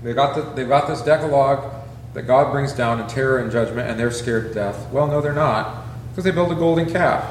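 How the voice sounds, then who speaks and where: Pastor guy leading a bible study, mid-pitched voice, loose chatty asides, little bit of room noise. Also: fairly quick, reverberant. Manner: conversational, full of rhetorical questions and asides. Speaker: pastor teaching a Bible class. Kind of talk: informal Bible teaching.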